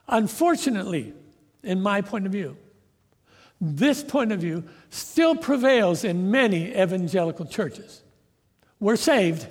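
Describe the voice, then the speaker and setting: A man with a fairly high, slightly husky voice delivers a sermon, acting out the people in his story. His voice rings through the long reverb of a large hall. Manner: storytelling with acted-out quotes. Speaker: preacher and professor. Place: church sanctuary.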